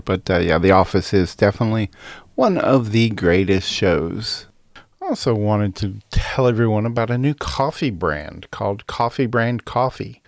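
A man's voice: fairly low pitch, vocal fry, no echo, studio quality. A man hosting a show, chatting casually and reading an ad with many fillers. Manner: relaxed, filler-heavy delivery. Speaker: podcast host. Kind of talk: casual commentary with ad read.

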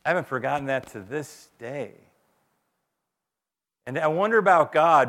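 Gravelly-voiced pastor in a reverberant church. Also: male voice, a little high, normal speed, long pauses, fairly bright tone. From United States. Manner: earnest storytelling, repeating words as he goes. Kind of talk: sermon with a closing prayer.

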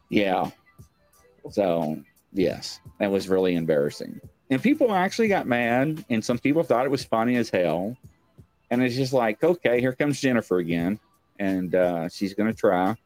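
His voice sits fairly low with a darkish tone. He's a livestream talk show host at a home stream set, chatting casually while rambling, joking and mocking himself.

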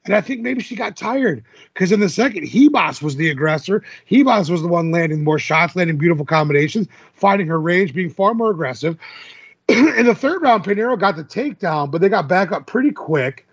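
A man's voice: sits high, expressive, brisk, husky, dry recording, highs cut off. A man co-hosting a podcast, recapping fight results in casual chat and laughing often. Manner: chatty, laughs often, filler-heavy. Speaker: podcast co-host.

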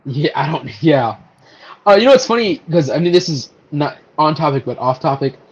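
A man co-hosting a casual podcast, chatting about movies in a loose, animated way. He laughs easily and swears offhand. The audio is a bit dull and lo-fi. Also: fairly high pitch, brisk, breathy edge. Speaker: podcast co-host. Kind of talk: casual podcast chat about superhero films.

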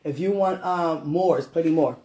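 A man chatting affectionately at home while eating, soft-spoken and often murmuring, in a casual intimate vlog. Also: a little high, moderate pace, a little hiss or hum.

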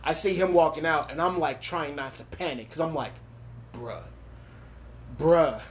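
Young man, raised in Los Angeles, slightly high-pitched, profane, laughing storyteller, casual podcast talk, faint background hiss. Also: fairly quick. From Los Angeles, USA. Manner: animated storytelling, laughs often, swears freely.

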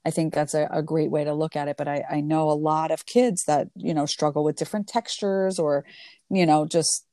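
A woman's voice: deep voice, fairly even intonation, normal speed, dark tone, no room sound, studio quality. A woman in her forties hosting a casual interview chat, agreeable and prone to restarts. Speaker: podcast host.

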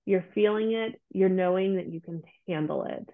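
A woman's voice: medium pitch, moderate pace. Woman therapist on a tinny line. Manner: earnest, animated, quotes her clients' voices. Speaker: guest, grief therapist. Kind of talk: casual interview talk.

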